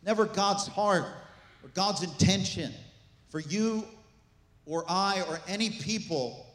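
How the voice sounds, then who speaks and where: A man preaching a sermon as pastor, animated, with asides and jokes to the congregation. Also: high-pitched, slow pace. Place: church sanctuary. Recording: echoey church hall.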